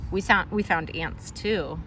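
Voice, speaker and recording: A woman's voice: lowish voice, unhurried, bright, forceful tone, slight background noise. A woman teacher reading a picture book aloud to a young child, patiently explaining names of plants and birds and asking questions along the way. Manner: patient, answers a child's interruptions.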